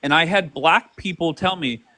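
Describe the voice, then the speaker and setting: A man's voice: on the high side, normal speed, bright, forceful tone. A man hosting a heated live-streamed debate, combative and crude, often cutting others off.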